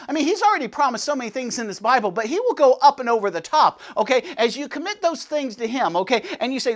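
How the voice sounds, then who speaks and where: A man hosting a men's ministry show, preaching a devotional with rhetorical questions, swinging between loud and hushed. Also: extremely high pitch, expressive, quick pace, few pauses. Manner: peppers talk with "you know what I'm saying" and "okay"; asks listeners rhetorical questions.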